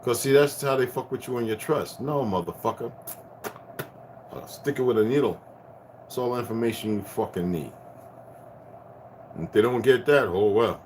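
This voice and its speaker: A man in his fifties giving a rambling spiritual rant to his viewers, profane and preachy, swinging from loud bursts down to hushed tones. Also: mid-range voice, normal speed, pauses often, slight background noise. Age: 50s. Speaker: vlogger.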